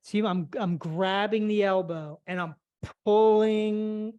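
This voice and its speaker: A woman's voice: medium pitch, steady tone, slow pace, a little mellow, clear, resonant tone, highs cut off. Woman cueing a live stretch class. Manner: cueing movements step by step, slightly out of breath. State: slightly out of breath. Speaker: flexibility instructor. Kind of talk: live online exercise class instruction.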